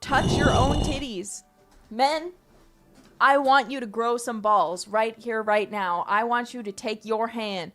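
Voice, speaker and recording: Young woman, live-stream chatter, slightly high voice, rambling and playful, faint music bed. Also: slow. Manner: playful, rambling, theatrical bursts. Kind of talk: casual live-stream chat.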